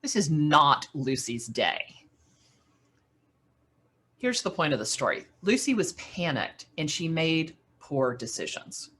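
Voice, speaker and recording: Animated woman telling a story on stage. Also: deep voice, takes it slowly, long pauses, breathy edge. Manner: animated storyteller with lively dramatic swings. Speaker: keynote speaker. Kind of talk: storytelling talk to business owners.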